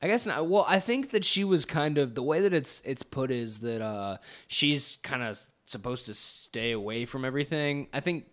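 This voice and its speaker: A man's voice: medium pitch, lively intonation, moderate pace, few pauses, fairly bright tone. Rambling young man retelling a movie. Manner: rambling, swearing, acts out scenes with laughter. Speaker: podcast co-host. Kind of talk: casual movie review chat.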